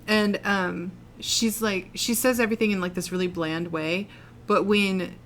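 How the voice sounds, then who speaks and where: Woman co-host, casual movie chat, laughs often, animated and playfully indignant, mid-pitched voice, faint noise in the background. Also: unhurried.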